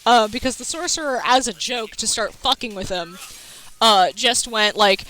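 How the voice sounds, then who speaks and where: A woman's voice: on the high side, unhurried, pushed and bright, clear, resonant tone, no echo, low-quality recording. A woman streamer chatting casually while gaming, telling rambling stories with laughter and swearing.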